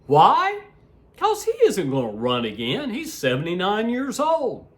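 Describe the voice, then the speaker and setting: A man giving a heated, blunt political rant for his video blog, crude and laughing at his own jabs, shouting one moment and muttering the next. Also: wildly swooping pitch, normal speed. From United States. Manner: heated, swinging between shouts and low asides. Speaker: political vlogger. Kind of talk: ranting opinion vlog.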